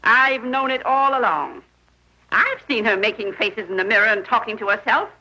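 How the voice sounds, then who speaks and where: An actress playing a disapproving middle-aged aunt who scolds and complains, in a 1930s film. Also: female voice, a little high, normal speed, pushed and bright. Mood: scolding. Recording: muffled 1930s film soundtrack.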